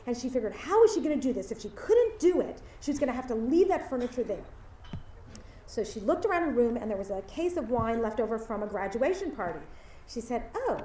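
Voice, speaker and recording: Woman, high voice, animated storytelling speech, roomy hall, heard from afar. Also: slight background noise. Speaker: commencement speaker. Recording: echoey hall from far off.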